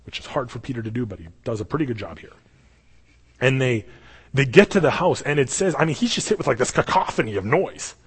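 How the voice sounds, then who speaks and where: A male pastor preaching a sermon, telling the story in a lively way and acting out the voices he quotes. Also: medium pitch, slightly rough. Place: church sanctuary. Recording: long hall reverb.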